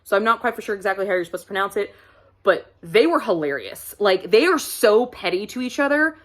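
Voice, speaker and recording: A woman's voice: medium pitch, lively intonation, fairly quick, fairly bright tone. Gushing, chatty woman book vlogger. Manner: gushing, chatty, laughs often. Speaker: book reviewer. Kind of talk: casual book review vlog.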